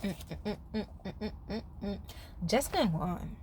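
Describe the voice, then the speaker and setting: On a very noisy recording, a woman with an expressive, mid-range voice speaks at a moderate pace. She's a reality TV commentator giving a relaxed, foul-mouthed show recap, often laughing and talking right to her viewers.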